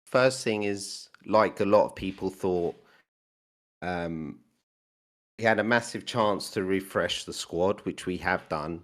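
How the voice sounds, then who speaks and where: An English man calling in to a fan podcast, talking football in a measured, pragmatic way. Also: low voice, a bit bright. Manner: measured, pragmatic, listing players. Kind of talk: casual call-in football chat. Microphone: voice chat.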